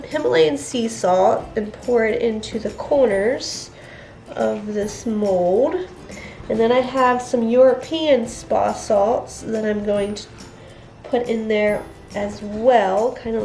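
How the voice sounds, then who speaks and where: A woman's voice: mid-range voice, darkish tone, a little hiss or hum. A woman hosting a soap making video, chatting casually with frequent laughs while congested from a cold. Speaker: soap maker and channel host. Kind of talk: casual tutorial chat. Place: indoor crafting room at home. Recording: echoey room with music behind.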